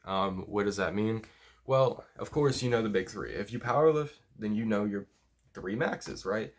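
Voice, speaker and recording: A man's voice: on the low side, normal speed. A man giving casual, blunt, profanity-laced lifting and diet advice as a powerlifting coach. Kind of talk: casual talking-head advice.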